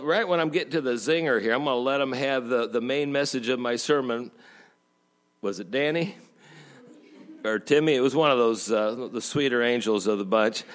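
A man preaching as a pastor in a church, telling jokes in a folksy way and slowing down for emphasis. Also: mid-range voice, fairly bright tone. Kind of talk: sermon.

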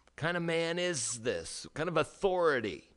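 A man preaching a sermon as a pastor, emphatic, with rhetorical questions and dramatic pauses. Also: fairly high pitch, big pitch swings, fairly bright tone.

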